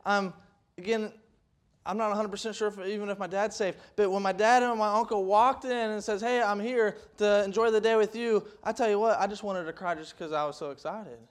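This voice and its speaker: A young man preaching a folksy sermon, rambling with restarts and rising to loud, emphatic peaks. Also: high voice.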